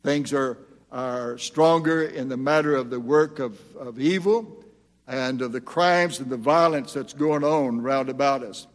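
Older preacher in a reverberant hall. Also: male voice, medium pitch, measured pace. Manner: earnest, preacherly, rising into emphatic scripture reading. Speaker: pastor. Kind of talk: sermon.

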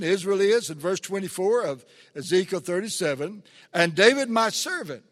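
A man preaching a sermon, earnest and rising to emphatic peaks when he reads scripture. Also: high voice. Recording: long reverb of a large hall.

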